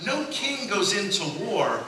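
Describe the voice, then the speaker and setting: A man's voice: sits high, huge pitch swings, a little slow, crowd noise. A male pastor giving a sermon, telling funny stories and acting out the voices of the people in them. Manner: storytelling, acts out voices in quotes, laughs at own jokes. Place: church sanctuary. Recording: echoey church from far off with noise.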